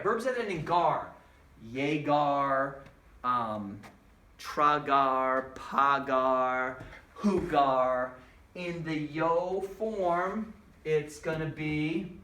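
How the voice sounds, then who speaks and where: A man's voice: a little high, bright, forceful tone. A man teaching a recorded Spanish lesson in a chatty way, spelling words out letter by letter and answering his own questions. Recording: echoey room, voice a bit far from mic.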